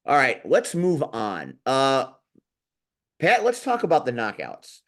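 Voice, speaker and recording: A male podcast host talking casually. He is blunt and outspoken, and he drops in swear words when he gets worked up. His voice sits at an ordinary middle pitch. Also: huge pitch swings, slow pace. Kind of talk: casual chat.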